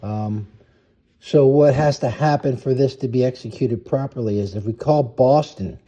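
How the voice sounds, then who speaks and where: A man's voice: medium pitch, moderate pace, mellow, lo-fi sound. A man coaching youth lacrosse, explaining a play step by step, methodical and stopping to correct and restate himself.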